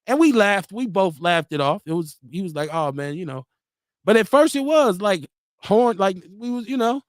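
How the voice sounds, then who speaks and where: A man hosting a live talk stream in a loose, animated way, reading viewer comments aloud and acting out quotes. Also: high voice, normal speed, dry recording, clean studio sound. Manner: loose, animated, laughs often, acts out quotes. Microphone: streaming mic.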